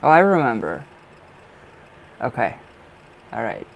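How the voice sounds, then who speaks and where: A man reading tarot on a live stream, chatting in a relaxed, effusive way and greeting viewers as they arrive. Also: medium pitch, measured pace, vocal fry, slight background noise, rough recording. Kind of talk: casual live-stream chat.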